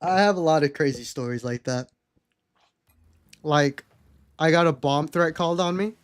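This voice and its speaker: Candid young man with a higher voice. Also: moderate pace, clean tone, no echo. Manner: chatty and candid, swears freely. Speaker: livestreamer. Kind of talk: casual storytelling to a live chat.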